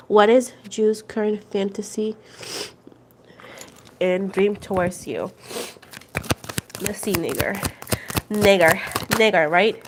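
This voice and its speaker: A woman's voice: medium pitch, slight background noise. A Puerto Rican woman in her twenties, chatting casually on a tarot livestream, switching between English and Spanish and laughing often. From Puerto Rico. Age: 20s. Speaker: tarot reader livestream host.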